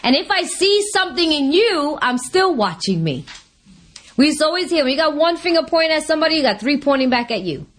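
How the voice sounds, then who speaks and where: A woman giving a personal testimony at a recovery meeting, telling stories in an animated way and acting out her own lines. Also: high-pitched, a little fast. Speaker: speaker sharing at a recovery meeting.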